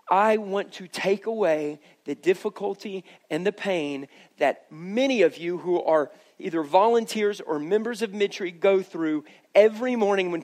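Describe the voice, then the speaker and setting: A male pastor giving a sermon, telling a story in a conversational way and speaking straight to his congregation. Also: high voice.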